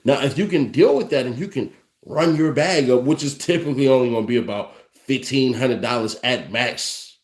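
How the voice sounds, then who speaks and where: A brash young man hosts commentary, swearing through a rant to camera at a moderate pace and laughing derisively often. His voice is mid-range, and the space sounds echoey.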